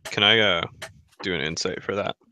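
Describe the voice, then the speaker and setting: A man's voice: sits low, normal speed, bright, forceful tone, slight background noise. A man taking part as a player in a tabletop role-playing game, talking in a casual, friendly, slightly hesitant way. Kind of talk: tabletop role-play chat.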